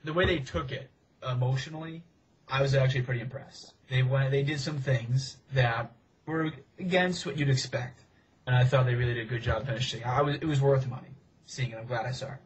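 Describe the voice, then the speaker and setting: A man's voice: mid-range voice, brisk. Hesitant man, distant from the mic. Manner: hesitant, filler-heavy. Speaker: podcast co-host. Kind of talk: casual film review chat.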